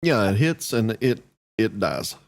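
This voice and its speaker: A man's voice: on the low side, animated, measured pace. A man narrating a tabletop game as game master, laid-back and joking.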